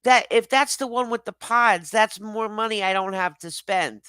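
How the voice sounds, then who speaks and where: Reacting to viewer comments on his casual livestream, a male host rambles and swears in a high-pitched voice at normal speed. His tone is bright, forceful, clear, and resonant with no echo, and he's self-deprecating, laughing a lot and apologizing.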